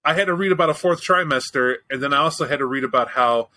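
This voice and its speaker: A man hosts a show in easy, casual chat. His voice is bright and forceful. He tells his story bluntly, swears freely and jokes as he goes. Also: mid-range voice, fast talker, rough recording. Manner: candid, profane, joking storyteller. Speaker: podcast host.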